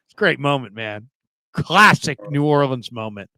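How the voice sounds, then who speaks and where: A man's voice: medium pitch, animated, normal speed, sharp tone. A man hosting a casual live sports stream, telling jokey stories and reading out viewer comments. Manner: joking storyteller, reads chat comments aloud. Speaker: podcast host.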